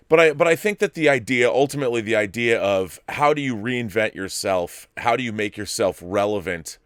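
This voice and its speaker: A man's voice: fairly low pitch, a bit bright, clear, resonant tone, no echo, clean studio sound. A man in his fifties hosting a live-stream show, chatting in a rambling way with many restarts. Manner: baby-talk voice to dogs. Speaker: host.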